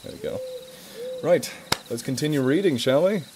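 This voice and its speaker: A man's voice: a little high, expressive, moderate pace, noisy background. A young English man chatting casually on a charity live stream, rambling and self-mocking. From England.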